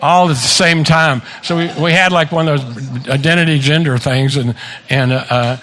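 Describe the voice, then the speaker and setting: A man in his seventies stands at a handheld microphone at his own party, spinning loose, profane family stories and laughing along with them. His voice sits a little high for a man. A faint murmur of room noise hangs behind him. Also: normal speed, a bit bright. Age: 70s. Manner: joking storyteller, swears freely, laughs at own stories. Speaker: birthday speaker. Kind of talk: casual party speech. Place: party venue with guests.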